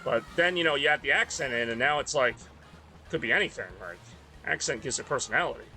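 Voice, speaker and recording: A man's voice: medium pitch, fast talker, bright, forceful tone. A man from the Northeast US, tired and rambling in casual chat while streaming a racing game. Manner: rambling, self-deprecating, mumbly asides.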